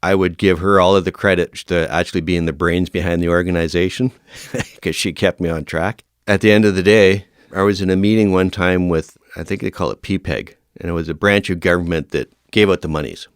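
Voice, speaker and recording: Deep-voiced man telling stories, crisp dry sound. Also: fairly quick, no room sound. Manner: lively storyteller who acts out quoted dialogue. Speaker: podcast guest, veteran firefighter. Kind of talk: casual storytelling interview.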